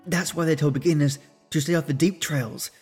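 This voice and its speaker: A man voicing a carefree, playful young woman who talks in a high, insistent, girlish way. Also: fairly even intonation, fairly quick, a little mellow, husky, soft background music.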